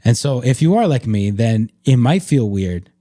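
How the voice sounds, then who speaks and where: A man in a casual faith-based podcast talk, with a mellow, warm tone. He speaks in an earnest, reflective way, and his sentences are loose and full of "like." The sound is dry, with no room around it. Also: mid-range voice, sing-song, moderate pace, dry recording. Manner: reflective, earnest, filler-heavy with frequent "like". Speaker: podcast host.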